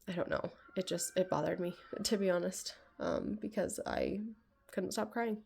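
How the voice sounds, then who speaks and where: A woman's voice: lowish voice, moderate pace, gravelly, darkish tone, husky. A woman in her thirties sharing a casual personal vlog, rambling with lots of "like", sounding emotional and close to tears. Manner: rambling, heavy use of "like", tearful. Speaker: vlogger.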